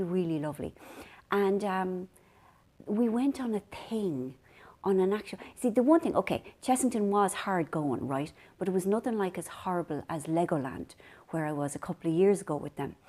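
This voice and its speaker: A woman's voice: medium pitch, dark tone. An Irish woman from Ireland chatting to camera as a vlog host, telling rambling, self-deprecating stories. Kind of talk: casual chat to camera.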